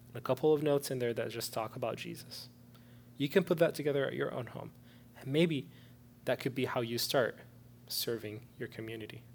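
A man preaching as a pastor, earnestly urging and then leading a prayer, moving from soft, low prayer to loud pleading. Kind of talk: sermon with altar-call prayer.

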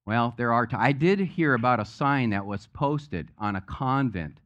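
In a muffled recording from a church sanctuary, a man serves as pastor and preaches with a chatty, joke-filled style. His medium-pitched voice is expressive and fairly bright, moving at a moderate pace.

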